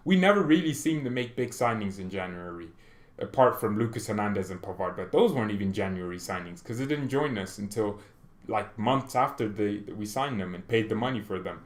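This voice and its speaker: A man's voice: fairly low pitch, animated, brisk. Rambling man in an echoey room. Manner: rambling, opinionated, self-interrupting. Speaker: fan channel host. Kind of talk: casual football commentary vlog.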